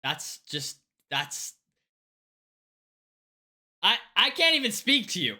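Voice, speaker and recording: Female streamer, casual chat with viewers, bright sharp voice, animated and up-and-down. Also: mid-range voice, takes it slowly, slightly rough. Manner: animated, reads chat aloud, big swings between hyped and mumbly. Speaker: livestreamer.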